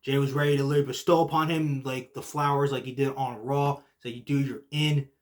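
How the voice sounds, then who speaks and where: A young man hosting a casual podcast recap, excitable and full of "like" and "literally", swinging from low muttering to shouting. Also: brisk. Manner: heavy use of filler like "like" and "literally". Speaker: podcast host.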